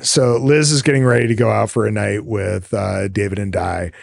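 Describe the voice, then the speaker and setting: Male podcast host, low and gravelly, dry close sound, rambling casual recap. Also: fairly even intonation, moderate pace, no echo. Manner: rambling, with many fillers and swearing.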